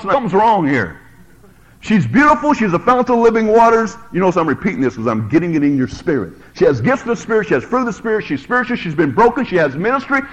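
Male preacher, middle-aged, from the US: high-pitched, swooping delivery, jokes with his congregation through a lively sermon. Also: normal speed, long pauses, slight background noise, low-quality recording. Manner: animated, storytelling, joking with the congregation.

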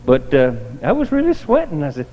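A man preaching with a folksy, homespun testimony, his voice sitting a bit higher than most men's. The sound is dull and lo-fi, with a long reverb from a church hall around him. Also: huge pitch swings, fairly quick. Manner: homespun storyteller, colloquial.

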